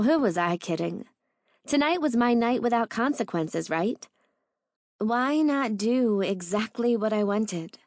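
Woman reading a romance audiobook, measured and intimate, dry close mic. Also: mid-range voice, a little mellow, no echo. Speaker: audiobook narrator. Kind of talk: first-person romance narration.

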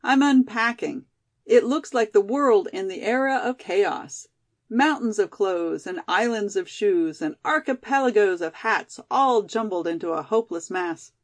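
A woman voicing a prankish young college girl with a cold, who talks in a teasing, lively way. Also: mid-range voice, unhurried.

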